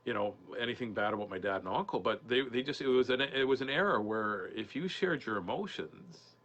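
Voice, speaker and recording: A man in his forties, a comedian guest on a podcast, telling a personal story in an earnest, halting way with many restarts. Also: mid-range voice, animated, a bit bright. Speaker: podcast guest, comedian and mental health speaker. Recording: dull lo-fi sound with faint noise.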